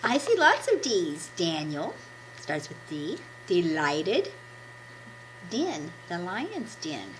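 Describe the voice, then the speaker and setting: Hoarse woman with a scratchy, lively voice. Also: on the low side, slow pace. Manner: warm, encouraging teacher talk to children. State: hoarse from a cold. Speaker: puppet ministry host. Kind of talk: children's devotional puppet show. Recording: steady background noise.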